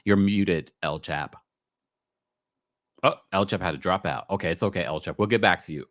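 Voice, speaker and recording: A man's voice: low voice, normal speed, a bit bright, no room sound, studio quality. A man with a New York accent hosting a casual live-stream call-in show, reading out viewer comments and laughing often. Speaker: livestream host.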